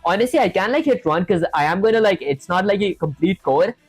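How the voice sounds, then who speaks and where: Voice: mid-range voice, lively intonation, brisk, breathy edge, no echo, soft background music, rough recording. A streamer learning to code live, talking through every step aloud and often saying "honestly" and "that said". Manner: talks through each step, leans on "honestly" and "that said". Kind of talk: live coding stream, reading chat aloud.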